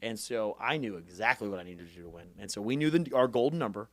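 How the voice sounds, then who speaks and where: A man's voice: lowish voice, animated, fast, no room sound. A young man, telling his story as a podcast guest and acting out the voices of the people he quotes. He talks with rally-speech energy and swears freely. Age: 20s. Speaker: guest, former congressman. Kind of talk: animated storytelling interview.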